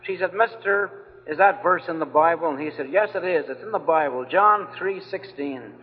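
A man's voice: a little high, normal speed. A man preaching an evangelistic sermon in a meeting hall, fervent and pleading, repeating his phrases. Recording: old, phone-like, reverberant hall recording.

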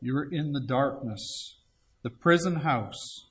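A man's voice: medium pitch, slow pace, fairly bright tone. A man preaching an evangelistic sermon, earnestly pleading and reading scripture aloud. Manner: earnest pleading, reads scripture aloud in old-fashioned wording.

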